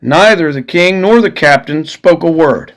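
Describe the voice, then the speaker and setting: A man reads a classic novel aloud in a measured, formal way. His voice sits a little high for a man. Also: animated. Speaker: storyteller. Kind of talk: audiobook narration of a classic novel.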